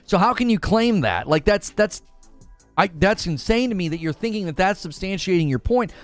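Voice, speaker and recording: A man hosting a casual gaming livestream, talking in an animated, exasperated rant to his chat. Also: high-pitched, moderate pace, faint music behind.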